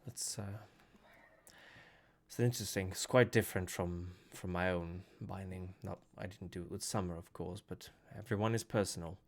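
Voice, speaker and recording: A man narrates a tabletop role-playing session as game master, thinking aloud and pausing as he goes. His voice sits low and deep. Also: fairly even intonation. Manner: hesitant, thoughtful narration with fillers.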